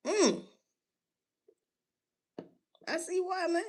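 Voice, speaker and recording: Animated, swearing woman ranting casually. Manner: animated, profane, street slang, rhetorical questions to listeners; drawn-out emphasis on words, sudden pitch jumps. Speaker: solo commentator. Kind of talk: casual rant.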